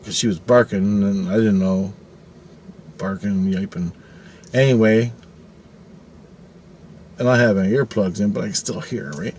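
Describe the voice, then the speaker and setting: Middle-aged guy telling a wild story, cusses a lot, lowish voice, bit of background hiss. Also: unhurried, pauses often. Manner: profane, animated, acts out quoted voices. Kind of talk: casual storytelling.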